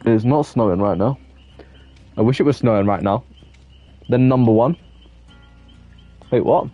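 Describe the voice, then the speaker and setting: A young man streaming a game, chatting loosely with his viewers and getting quickly exasperated at teammates, with many restarts. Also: mid-range voice, no echo, muffled recording. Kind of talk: casual live-stream chat while gaming.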